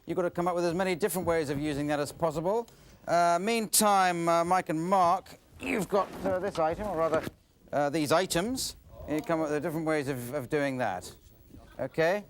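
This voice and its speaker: A man's voice: fairly high pitch, normal speed. Man hosting a comedy panel. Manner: hesitant, full of "uh" and restarts. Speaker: game show host. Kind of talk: hosting an improv comedy show. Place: TV studio with live audience.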